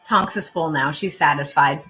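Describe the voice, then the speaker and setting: A woman's voice: low-pitched, normal speed, a bit bright, faint music behind. A woman tarot reader casually telling stories on a livestream, chatty and full of fillers and restarts.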